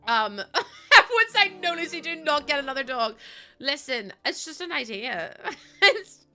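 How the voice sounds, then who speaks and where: A chatty young woman streams a building game and talks to her viewers in a high, bright voice. Her pitch bounces all over as she giggles and gushes her thanks. Soft game music plays underneath. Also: sing-song, normal speed. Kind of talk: casual live-stream chat while gaming. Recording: faint game music behind.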